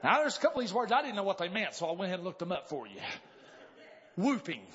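A man preaching a sermon, swinging from calm, folksy talk to hollered exclamations. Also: sits high, fast talker. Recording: dull lo-fi church recording with faint congregation.

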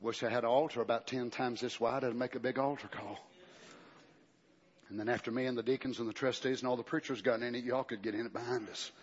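A male pastor preaching a fervent sermon in a church, swinging between shouting and hushed talk. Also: medium pitch, fairly even intonation, fast. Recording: dull recording with long hall reverb.

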